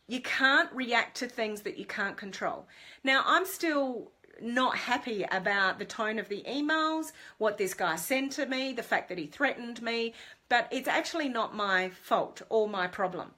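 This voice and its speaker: A middle-aged woman giving a casual live video talk as a business mentor, telling a story in a chatty, animated way with lots of fillers. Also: a little high, unhurried.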